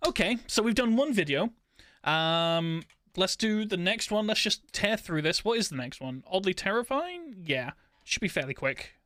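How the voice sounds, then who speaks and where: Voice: medium pitch, moderate pace, dry recording. Casual muttering streamer, dry sound. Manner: relaxed, mutters to self, swears casually. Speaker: live streamer. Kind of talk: casual chat while editing videos.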